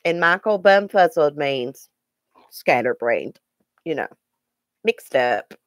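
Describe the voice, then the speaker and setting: A middle-aged woman with a Southern Appalachian accent chats with her live audience in a low, unhurried voice. She sounds folksy and talkative, calling viewers by name. The sound is dry and close. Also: expressive, dry recording. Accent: Southern Appalachian (Southwest Virginia). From Southwest Virginia, grew up partly in Eastern Kentucky. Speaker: livestream host. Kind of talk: casual chat with live viewers.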